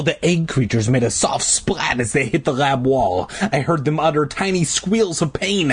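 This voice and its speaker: A man's voice: on the high side, slightly rough, no echo. A man reading a first-person book aloud in a dramatic way, breaking off now and then to cough. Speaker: reader.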